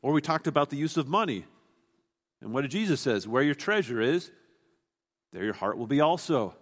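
This preacher has a mid-range, sing-song voice at normal speed, followed by a long reverb tail. He works through a scripture passage in an earnest, instructive way, often beginning sentences again.

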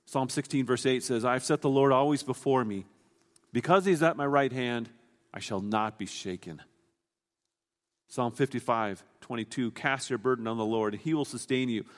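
A man with a mid-range voice preaches a sermon at a moderate pace, his words trailing off into a long reverb tail. He explains a scripture passage earnestly, like a teacher, often starting his sentences over.

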